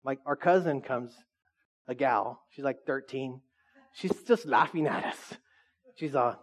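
A man's voice: mid-range voice, unhurried. A man preaching a casual, joking sermon, teasing his audience and asking them questions.

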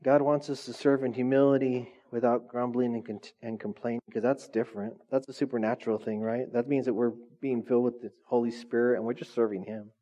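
A man preaching a conversational sermon, animated and chatty, often laughing and asking the congregation questions. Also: mid-range voice, a little fast, few pauses, muffled recording. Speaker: pastor.

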